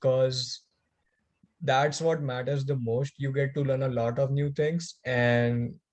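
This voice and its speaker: A man's voice: mid-range voice, little pitch movement, slow, darkish tone. Young indian guy with an indian accent, earnest encouraging advice on a chill podcast. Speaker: podcast guest. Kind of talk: casual podcast chat.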